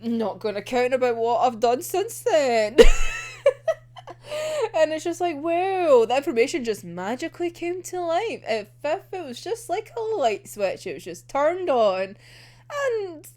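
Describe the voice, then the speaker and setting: A woman vlogger giving a casual anime episode reaction, excitable and sweary, often breaking into giggles. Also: high voice.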